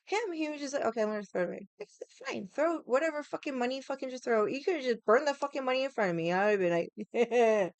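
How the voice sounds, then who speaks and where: A woman's voice: high-pitched, expressive, fast talker, no echo. A young woman hosting a casual livestream, ranting in a sassy, profane, rambling way and greeting viewers. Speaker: livestream host.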